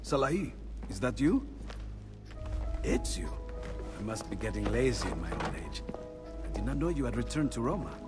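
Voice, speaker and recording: An actor playing an older Renaissance inventor, gentle, musing and absent-minded. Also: male voice, mid-range voice, sing-song, moderate pace, pauses often, music in the background, natural voice. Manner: gentle, musing, enthusiastic about his research.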